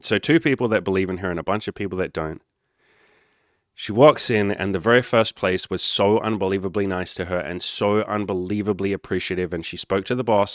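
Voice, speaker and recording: A man's voice: deep voice, fairly quick, no echo, studio quality. A man, a life coach, telling a story in a casual monologue, blunt and emphatic with heavy swearing.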